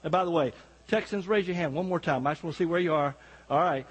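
Folksy guest preacher, male, high husky voice, long church reverb. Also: fast. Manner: folksy, joking, talks directly to the congregation. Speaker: guest pastor. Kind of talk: sermon. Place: church sanctuary.

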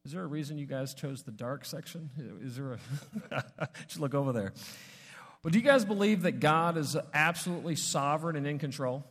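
A pastor tells a story from the pulpit in a conversational sermon, full of asides and restarts. His voice sits a bit high for a man, and it rings with the long reverb of a large church sanctuary. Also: brisk, fairly bright tone.

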